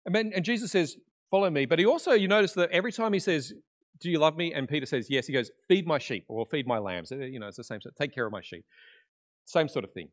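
Lively man preaching a sermon. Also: a little high, fairly quick. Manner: conversational, animated, swings from loud emphasis to quiet asides. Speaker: pastor. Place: church.

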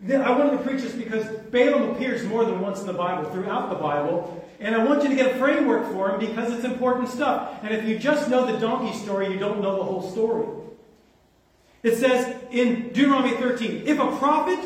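A man delivers a sermon in a strikingly high voice, pressing his points with rhetorical questions. The sound is awash in heavy reverb and captured from a distance, as if from the back of a large hall. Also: fairly quick. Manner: emphatic, with rhetorical questions to the congregation. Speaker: preacher. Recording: very echoey, from far off the mic.

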